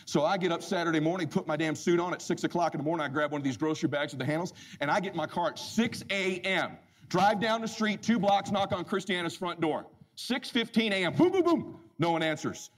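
Male motivational speaker, high-pitched and animated, telling a funny personal story with emphatic bursts. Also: fast talker. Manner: animated, emphatic, swings loud and soft.

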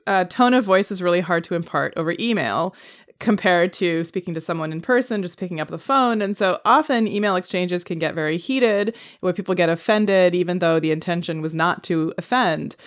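A woman's voice: lowish voice, brisk. A woman hosting an interview who asks a long, thoughtful question, searching for her words. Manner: thoughtful, hesitant with fillers. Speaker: interview host. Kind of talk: casual interview talk.

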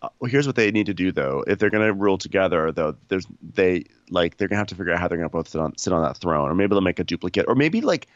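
A man's voice: deep voice, lively intonation, quick pace, no echo, lo-fi sound. A man co-hosting a comedy podcast recap, wry and chatty, riffing on jokes. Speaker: podcast co-host.

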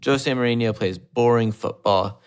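A man's voice: medium pitch, normal speed, clean tone. A young man co-hosting a football podcast, giving blunt, opinionated takes in casual chat. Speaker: podcast co-host.

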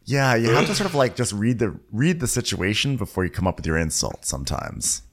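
Casual podcast co-host, man, low voice with lively swings, jokey recapper. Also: a little fast. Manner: animated, jokey, acts out quotes in big voices.

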